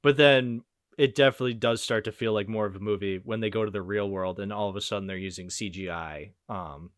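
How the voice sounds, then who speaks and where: Man, twenties, podcast host, rambling, excitable, swears, dry recording. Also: fairly low pitch, a little fast, no room sound. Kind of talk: casual movie-review chat.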